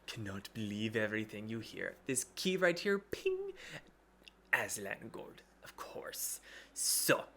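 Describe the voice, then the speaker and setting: A man's voice: lowish voice, sing-song, slow, bright, forceful tone, full character voice. A man voicing a fussy, fawning male goblin servant who haggles and repeats himself. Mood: haggling.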